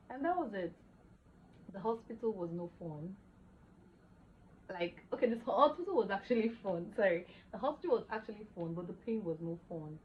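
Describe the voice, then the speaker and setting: A young woman tells her own story in a lively, emotional way, her voice rising and dipping. Her voice sits in the middle of the range. The recording is a bit dull and lo-fi, with a faint hiss behind her. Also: mid-range voice, moderate pace. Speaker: vlogger. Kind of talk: personal testimony vlog.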